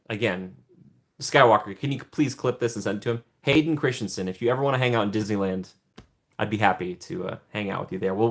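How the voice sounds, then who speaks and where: A man's voice: mid-range voice, fairly bright tone. A young man hosting a casual livestream from home, chatting with viewers in a rambling way, laughing often and trailing off. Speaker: livestream host.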